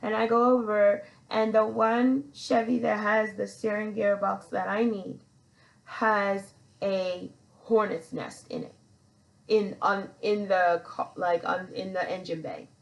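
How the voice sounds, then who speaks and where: A woman's voice: medium pitch, fairly even intonation, slow, creaky, poor audio. A woman hosting a podcast, telling a personal story in a rambling, chatty way and calling herself "your girl". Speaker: podcast host.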